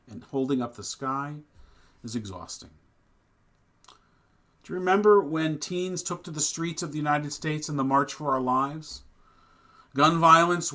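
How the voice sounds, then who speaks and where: A man's voice: medium pitch, a bit bright. A man serving as rabbi, giving announcements conversationally and then preaching a sermon with growing passion. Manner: plain and conversational in announcements, rising to impassioned preaching. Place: synagogue service, streamed online.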